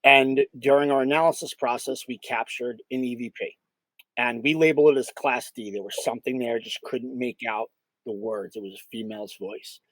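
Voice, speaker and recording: Speaking at an average pitch, this interview guest, a paranormal investigator, tells a case casually, full of fillers like "um" and dramatized quotes. The recording is close-miked and dry with no room sound at all, and its quality is low.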